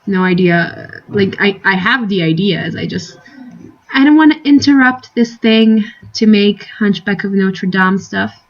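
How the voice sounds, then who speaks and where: Young female streamer, casual and giggly, wanders off-topic; mid-pitched, muffled home mic. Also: unhurried. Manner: rambling, giggly, full of tangents. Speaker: live-streaming artist. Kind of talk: casual live-stream chat.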